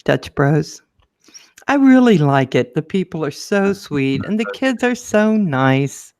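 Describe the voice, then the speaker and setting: A woman co-hosting a casual chat show, telling a lively story and acting out the people in it. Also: slow, dry recording, clean studio sound. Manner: lively storyteller, acts out quotes in a high voice. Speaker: show co-host.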